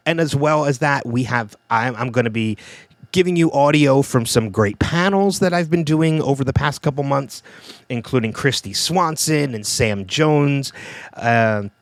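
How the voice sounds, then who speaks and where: A man hosting a podcast, running through upcoming guests in a relaxed, rambling way with plenty of fillers. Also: on the high side, normal speed, vocal fry, dry recording. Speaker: podcast host. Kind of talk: casual podcast chat.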